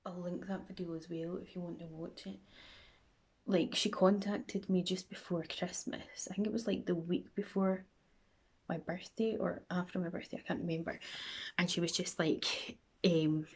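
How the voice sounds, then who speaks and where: A woman's voice: fairly low pitch, steady tone, normal speed, darkish tone, slightly rough. A woman with a Scottish accent chatting and rambling through a makeup tutorial for her vlog, often dropping into a near whisper. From Scotland. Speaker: makeup vlogger.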